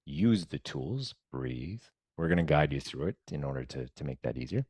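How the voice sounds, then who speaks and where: Man, meditation guide, very deep voice, chatty, soft murmurs, dry sound. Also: animated, moderate pace, breathy edge, no room sound. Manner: mumbles. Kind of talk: casual guided-meditation talk.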